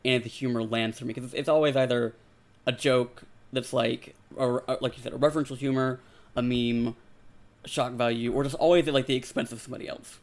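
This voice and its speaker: A man's voice: mid-range voice, fairly even intonation. A man talking on a casual podcast, hedging as he goes and leaning hard on "like.". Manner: fast, hedging with constant "like".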